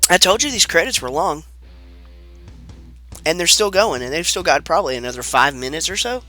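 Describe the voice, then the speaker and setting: A man's voice: fairly high pitch, lively intonation, a little fast, pushed and bright, soft background music. A man with a sick-sounding voice, giving laid-back, rambling commentary over a video game, swearing casually. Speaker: let's play commentator.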